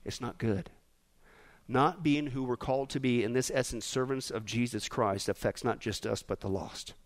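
A man preaching a sermon as pastor, animated, acting out rude voices and dropping to quiet emphasis. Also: medium pitch, normal speed.

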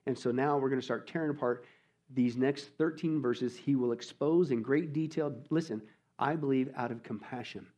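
A man preaching a verse-by-verse sermon as a pastor, emphatic and colloquial, firing rhetorical questions and swinging between loud bursts and quiet asides. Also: mid-range voice, moderate pace. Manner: colloquial preaching with mock voices. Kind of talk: expository sermon.

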